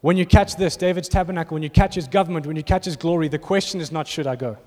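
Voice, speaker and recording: A fairly high-voiced man, preaching to his congregation. He speaks with passion and rises into emphatic bursts. His voice rings out with long reverb through a large church hall. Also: fairly even intonation, fast, darkish tone. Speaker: pastor. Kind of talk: sermon. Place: church auditorium.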